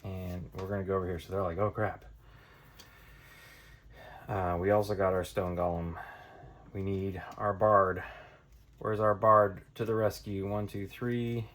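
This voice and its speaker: A man's voice: deep voice, flat delivery, moderate pace, a bit bright, a little hiss or hum. A man casually playing through a tabletop card game, thinking aloud and counting cards as he goes. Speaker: board game reviewer. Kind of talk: casual tabletop playthrough tutorial.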